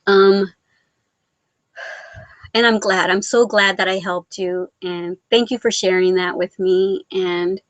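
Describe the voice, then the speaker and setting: A woman from Mexico chats through a live vlog, reading viewer comments aloud and answering each at length. She rambles, turns sentimental and pokes fun at herself, in a middle-pitched voice recorded close and dry with no room sound. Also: steady tone, takes it slowly, long pauses, dry recording, dull audio. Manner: rambling, sentimental, self-deprecating. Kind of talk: casual live-stream chat.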